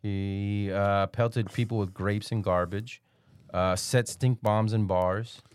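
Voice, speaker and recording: Male podcast co-host, lowish voice, dry studio sound, easygoing storyteller. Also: steady tone, takes it slowly, darkish tone, clear, resonant tone, dry recording. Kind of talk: casual chat.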